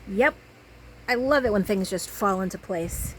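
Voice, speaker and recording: A woman talks unhurriedly through a craft project, thinking out loud as she works. Her pace is slow and easy, her pitch middling. There is a faint hum of room noise behind her. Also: poor audio. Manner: chatty, talks to herself while working. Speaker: crafting vlogger. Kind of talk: casual crafting chat.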